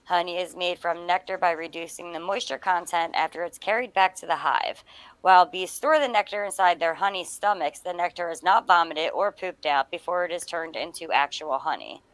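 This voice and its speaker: Guest: woman, lowish voice, blunt and squeamish, dry close sound. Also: a little fast, a bit bright, no echo. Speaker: guest musician. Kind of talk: casual live-stream chat.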